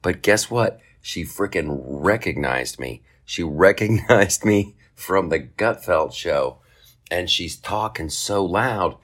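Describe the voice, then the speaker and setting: A man hosting a podcast, telling a comic story in a casual, profane way and jumping into high mocking voices for other people. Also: expressive, slow pace, a bit bright. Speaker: podcast host.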